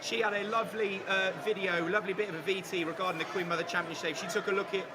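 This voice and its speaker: A man's voice: high-pitched, fairly even intonation. A male host in casual chat, bantering jokily with his guests outdoors at a racecourse. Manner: quick, jokey banter. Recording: loud crowd noise around. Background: loud crowd.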